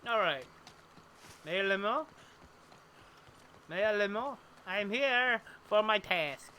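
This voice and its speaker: A man's voice: high-pitched, lively intonation, slow pace, sharp tone, a little hiss or hum. A man chatting casually to his audience while playing a game live, wandering off into long, rambling explanations. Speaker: streamer. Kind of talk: casual live gameplay commentary.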